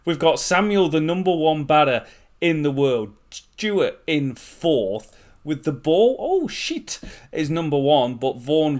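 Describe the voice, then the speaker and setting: Chatty man commenting on a game. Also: fairly high pitch. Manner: chatty, excitable, jokey. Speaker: gaming channel host. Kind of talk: let's-play game commentary.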